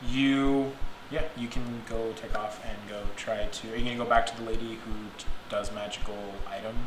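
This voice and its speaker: Man, game master, casual halting narration, echoey room, background noise. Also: on the low side, flat delivery. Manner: casual, halting, lots of fillers.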